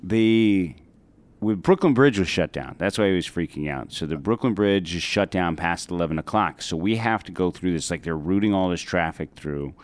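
Animated male comedian telling a story. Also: low voice, moderate pace. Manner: animated, laughing, full of self-corrections. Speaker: comedian and podcast host. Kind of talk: casual storytelling. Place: podcast studio.

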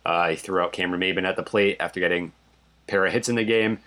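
A man's voice: low voice, fairly even intonation, fast, bright, forceful tone. A man from Connecticut co-hosting a casual sports podcast, giving dry, stat-heavy game recaps late at night. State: sleepy. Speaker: podcast co-host.

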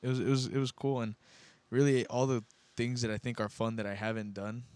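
A man chatting in a relaxed way, a little halting as he lists things he wants to do. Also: mid-range voice, no room sound. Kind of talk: casual podcast chat.

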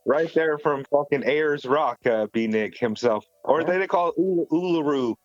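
A man's voice: a little high, moderate pace, no room sound. A man co-hosting a podcast in casual chat, wry and joking, tripping over his starts. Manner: wry, joking, stumbling restarts. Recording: dull lo-fi sound.

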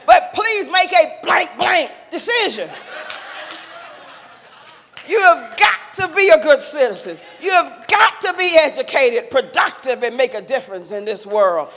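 An older woman giving an impassioned, preacherly speech to young adults, rising to loud emphatic calls. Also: high voice, animated, measured pace, a faint crowd. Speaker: speaker sharing a mother's wisdom. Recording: long echo of a large hall.

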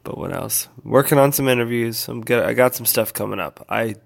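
A yawning, tired vlogger speaks fairly quickly in a creaky, medium-pitched voice. His casual update for followers is loose and laid-back, wandering around with lots of fillers.

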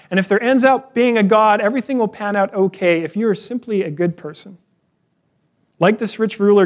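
A man preaching a sermon in a relaxed, conversational way, weaving in personal stories. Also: sits high. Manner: conversational, storytelling with personal anecdotes. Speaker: pastor.

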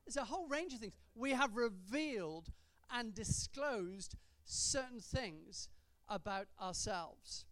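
A woman preaching a sermon in a church, stretching out key words for emphasis and adding gentle humour. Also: fairly high pitch, animated, slow pace, no room sound.

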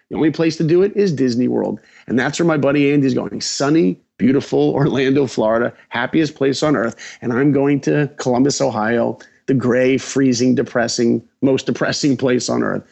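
A man in his forties from New York, a podcast guest telling his story in an animated, emphatic way. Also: medium pitch, vocal fry, muffled recording. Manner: acts out dialogue, emphatic.

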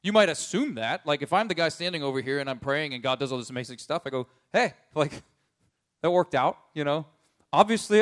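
Brief: male pastor, casual sermon, slightly high voice, chatty with lots of "like", shifting from soft asides to emphatic rises. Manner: conversational, filler-heavy with frequent "like".

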